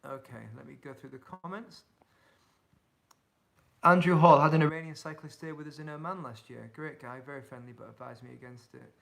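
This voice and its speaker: Casting: young yorkshire guy, hull accent, a bit high-voiced with some fry, friendly livestream chatter. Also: fairly even intonation, fairly quick, a bit bright. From England. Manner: chatty, reads out viewer comments, upbeat and encouraging. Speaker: touring cyclist answering live chat. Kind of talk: casual livestream chat.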